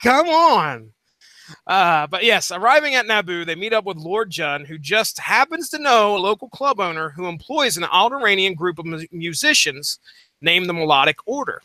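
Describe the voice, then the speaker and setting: A podcast host with a bright, forceful tone and a high voice that swings all over. He recaps the plot and then quizzes his co-hosts with animated questions. The sound is close and dry. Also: normal speed, dry recording. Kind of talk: casual podcast discussion.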